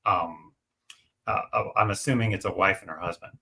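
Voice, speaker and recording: A middle-aged man telling stories in a casual live chat, animated and full of fillers. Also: sits low, normal speed, gravelly. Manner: chatty, animated storyteller, many fillers and restarts. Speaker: guest on a livestream.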